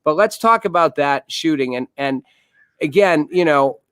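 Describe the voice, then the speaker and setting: A man's voice: fairly high pitch, unhurried, fairly bright tone, clean tone, dry recording, clean studio sound. A man hosting a live video talk show, asking questions casually and restarting his sentences. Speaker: host.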